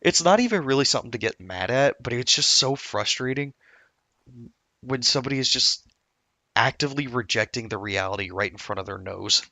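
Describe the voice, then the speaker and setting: A gameplay streamer chats casually as he plays, rambling through stories and constantly interrupting himself. His mid-range voice is animated, bright, and forceful, fairly quick, on a dry recording.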